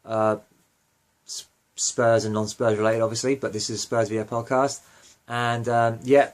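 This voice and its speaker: A man's voice: mid-range voice, little pitch movement, normal speed, a little hiss or hum. A young man hosting a fan podcast, rambling casually with lots of fillers and self-corrections. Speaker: podcast host.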